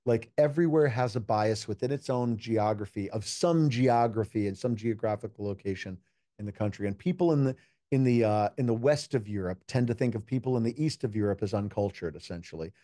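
In a casual podcast interview, a US man who works as a keynote speaker and juggler recounts stories with earnest reflection and quoted lines of dialogue. His voice is fairly low and dark in tone, moving a little fast. The recording is dry and clean, like a studio.

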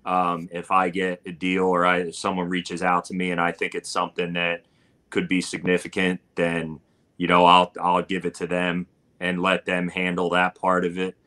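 Speaking at normal speed with a completely flat delivery, a low-voiced barbecue cook rambles through a story as a guest on a casual live-stream interview. His tone is bright and forceful, and fillers abound.

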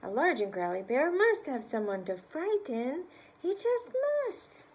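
Woman doing a squeaky, cross storybook bear. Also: sing-song, measured pace, full character voice. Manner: dramatic, exclaiming. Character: large growly male bear, cross and boastful.

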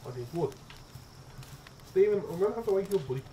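Excitable young man narrating his gameplay. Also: high-pitched, fast, slight background noise. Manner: excitable, swears often, chatters to his in-game pet. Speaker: gaming streamer. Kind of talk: casual let's-play commentary.

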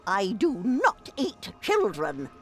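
An actress voicing a sharp-tongued, eccentric old woman in a video game, speaking in a haughty, dramatic way. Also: mid-range voice, huge pitch swings, slow pace, soft background music. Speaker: game character.

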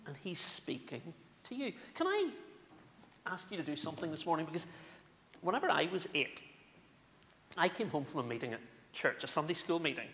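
A male minister with a Northern Irish accent, giving an animated, playful children's talk in a church service. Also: on the high side, moderate pace, pauses often. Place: church sanctuary. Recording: echoey church with faint room noise.

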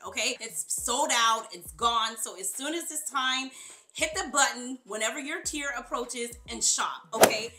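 A young adult woman gushes quickly and emphatically to her viewers, her voice bright and a little high. The room around her is echoey. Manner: fast, excited, chatty and emphatic. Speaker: beauty vlogger. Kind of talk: sponsored haul, casual chat to viewers.

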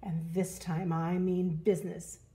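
A woman's voice: lowish voice, flat delivery, a little slow, warm tone, natural voice. A woman voicing a fussy, orderly male duck in a children's story, prim and indignant. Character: fussy, orderly male duck who guards his pond.

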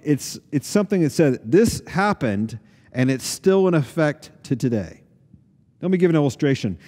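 A male pastor delivers a sermon in a conversational, earnest manner, doubling back on his words as he thinks aloud. His voice sits at an ordinary middle pitch. The recording carries a long, echoing reverb like an empty church sanctuary. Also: a little mellow. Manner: earnest, conversational preaching with frequent restarts.

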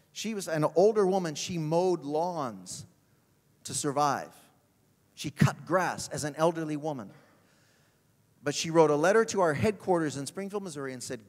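A male pastor telling a story in a sermon, animated and acting out the people in it. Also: a little high. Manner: animated, acts out voices in his stories. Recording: long hall reverb.

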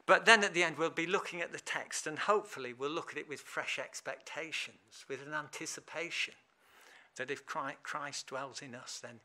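A man preaching an informal sermon in church, chatty and animated, laughing often. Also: fairly high pitch, moderate pace. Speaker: lay preacher.

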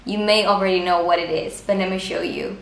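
A woman's voice: mid-range voice, fairly even intonation, slight background noise. A young woman from Denmark, a native Danish speaker, chatting casually to camera as a beauty vlogger in a room at home, bubbly and gushing. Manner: bubbly, gushing, quick asides to viewers. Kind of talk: casual vlog talk to camera. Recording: echoey room.

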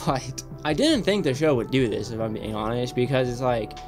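A young man hosting a reaction channel, rambling excitedly and swearing often in casual commentary. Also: medium pitch, moderate pace, music in the background.

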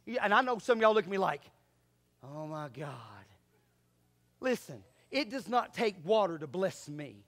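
A man preaching a sermon, animated, moving between quiet asides and loud shouts. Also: high voice, moderate pace. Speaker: pastor.

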